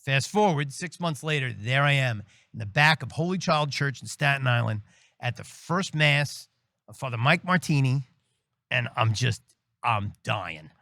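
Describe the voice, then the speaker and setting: A middle-aged man tells his story as a guest priest, acting out other voices. His pitch swings widely and his tone is bright and forward. The sound is close and dry. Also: a little slow, creaky, no echo. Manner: animated storyteller, acts out quoted voices, laughs often. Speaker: priest and military chaplain, guest. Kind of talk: casual storytelling interview.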